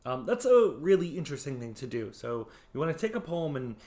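A man teaching a lesson on poetry, explaining patiently in a conversational way, with frequent ums and small restarts. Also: medium pitch. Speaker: poetry instructor. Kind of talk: conversational lecture.

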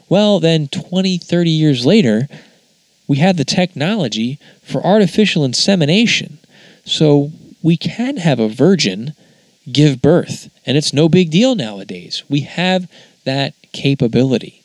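A man's voice: fairly high pitch, lively intonation, measured pace, a little mellow, dry recording. A man hosting a casual spoken monologue, musing in a conversational way that wanders off track now and then. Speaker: podcast host.

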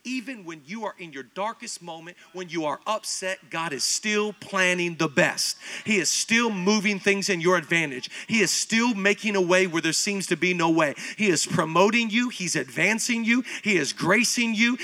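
Bright, high-pitched preaching pastor. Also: male voice, normal speed, few pauses. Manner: animated storytelling, acts out quoted voices. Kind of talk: sermon.

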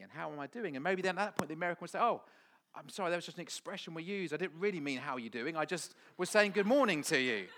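A man's voice: fairly high pitch, fairly bright tone. A man preaching a sermon, a church leader telling an earnest story and drawing lessons from it.

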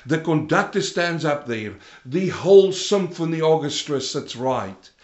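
A man delivers a sermon in a slightly high voice, swinging from loud, rising emphasis down to low, quiet stretches. The sound carries a roomy echo around him. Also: lively intonation, measured pace. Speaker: preacher.

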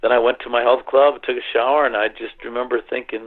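A middle-aged man recounting a personal story in an earnest, halting way, full of fillers and restarts, over a phone line. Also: medium pitch, little pitch movement. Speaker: interview guest.

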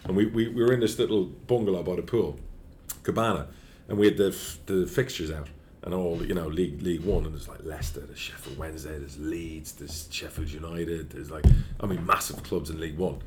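A low-voiced man rattles through his stories fast in an interview. He is blunt, swears freely, and tells each story with energy. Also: background noise. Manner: blunt, profane, animated storyteller. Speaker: football club chairman.

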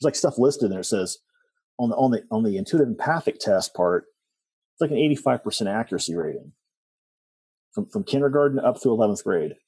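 A man's voice: lowish voice, animated, a little fast, darkish tone, breathy edge, no echo. A middle-aged man telling personal stories as a guest, rambling with restarts and asides. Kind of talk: personal storytelling in conversation.

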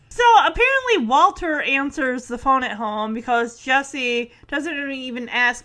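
A woman with a high, light voice recaps a sitcom episode in a casual chat. She talks loosely, laughs easily and slips into little bits of acting as she retells the scenes. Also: moderate pace, few pauses, sharp tone. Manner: chatty, laughs often, acts out lines from the scenes.

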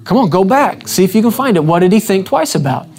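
A man's voice: sits high, sing-song, quick pace, a little mellow. A man preaching a sermon, repeating questions to his congregation with emphatic restarts.

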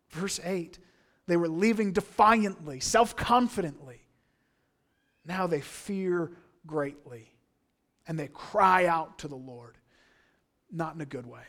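Pastor, male, higher-pitched voice; earnest, emphatic sermon delivery, dropping to hushed asides and then rising. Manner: earnest, emphatic preaching with swings from hushed to loud.

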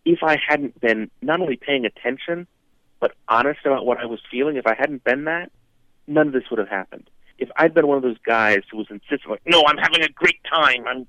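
A man calling in as a guest on a talk show, telling a story in an animated way and acting out the characters. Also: medium pitch, dry recording. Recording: tinny phone line, dry.

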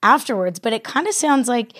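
A woman hosts a sports podcast. She reads a short introduction and then puts measured, friendly questions to her guest. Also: a little high, lively intonation, fairly bright tone. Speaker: podcast co-host, interviewer. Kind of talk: scripted intro and interview questions.

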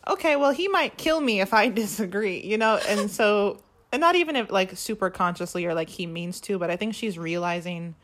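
A woman co-hosting a casual podcast chat, animatedly retelling a story and acting out the quoted lines. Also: medium pitch. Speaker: podcast co-host. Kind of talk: casual chat recapping a musical.

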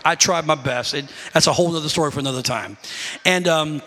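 A man's voice: a little high, fast, sharp tone, big-room sound, slight background noise. A man preaching a sermon, telling stories animatedly and calling out to his congregation. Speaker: pastor.

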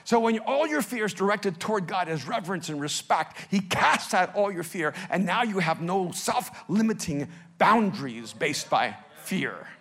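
A man from El Salvador preaching a sermon, telling stories with big swings from soft to loud. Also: high voice, lively intonation, normal speed. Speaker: pastor.

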